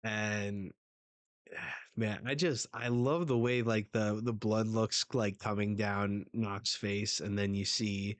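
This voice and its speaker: A man hosting a casual live manga reaction, relaxed and hesitant, full of fillers and restarts. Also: lowish voice, slow pace, dry recording. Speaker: host.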